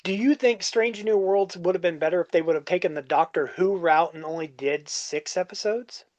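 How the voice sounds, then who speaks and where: A man's voice: sits high, normal speed, darkish tone, dull audio. A man hosting a podcast in casual chat, joking and jumping in with questions. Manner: jokey, jumps in with questions. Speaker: podcast host.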